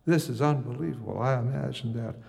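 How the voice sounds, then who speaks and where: Older man with a gravelly voice, musing. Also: mid-range voice, fairly quick, a little mellow, big-room sound. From United States. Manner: wry, musing, conversational. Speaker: storyteller. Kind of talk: first-person storytelling.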